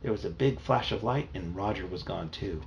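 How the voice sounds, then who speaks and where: A man reads a children's novel aloud in a plain, storytelling way, his voice gravelly with a creaky edge. The recording sounds dull and muffled, with a faint hiss underneath. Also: sits low, expressive, normal speed. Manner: plain storytelling with small slips. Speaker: reader.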